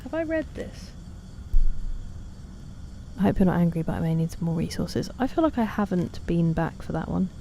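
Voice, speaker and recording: Mellow-voiced woman streaming. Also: fairly low pitch, very animated, moderate pace, creaky, pauses often, slight background noise. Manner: chatty, self-deprecating, reads out chat messages. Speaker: game streamer. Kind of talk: casual gaming stream chat.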